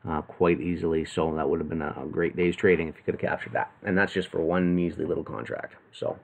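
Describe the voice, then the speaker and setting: A man's voice: deep voice, fast talker, vocal fry. A man giving live market commentary to viewers in a loose, rambling way, full of fillers and restarts. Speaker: trading analyst.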